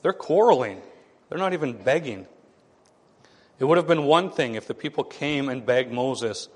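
A man preaching a sermon, animated, acting out the voices of the people he quotes. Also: medium pitch, normal speed, long reverb tail.

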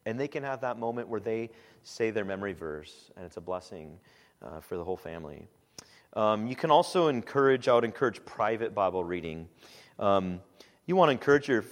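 Male pastor, lower voice, casual teaching talk, reverberant church hall sound. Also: a little fast. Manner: relaxed and conversational, with frequent "um"s and animated quoted asides.

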